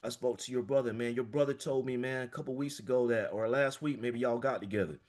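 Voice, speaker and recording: A man's voice: medium pitch, fairly even intonation, quick pace, a little mellow. A man, a financial coach giving a passionate, emphatic motivational talk over a video call, peppered with "man". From small-town Florida, US.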